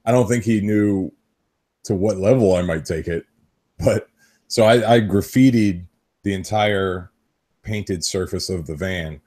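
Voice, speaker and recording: A man's voice: low-pitched, unhurried, darkish tone. A man in his thirties telling rambling stories on a podcast, swearing freely. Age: 30s. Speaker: podcast host. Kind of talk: casual chat.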